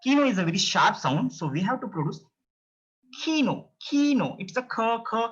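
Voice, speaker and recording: A man's voice: sits high, expressive, fast talker, a bit bright, breathy edge. A man teaching a beginner language lesson, repeating each word several times. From India. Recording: dull, lo-fi sound.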